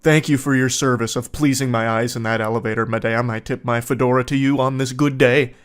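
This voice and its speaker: A leering, pompous creep of a suitor, voiced by a man who drags every word out slowly and sinks a little lower in pitch. The praise comes across as grandly courtly and off-putting. His voice sits at an ordinary middle pitch. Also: steady tone, clear, resonant tone, close to an everyday voice. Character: creepy fawning male texter, pompous and leering.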